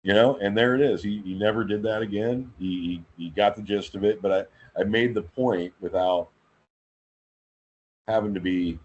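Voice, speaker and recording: A husky man with a lowish voice tells stories from the hangar floor in a lively, conversational way, doubling back on words as he goes. His voice comes through a somewhat dull, lo-fi recording. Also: moderate pace. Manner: animated storyteller, repeats words while thinking. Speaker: aircraft quality control inspector, guest. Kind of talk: casual storytelling conversation.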